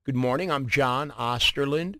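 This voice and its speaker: A man hosting a morning radio show, telling a story in a relaxed way and often repeating words. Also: medium pitch, moderate pace. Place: radio studio. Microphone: studio microphone.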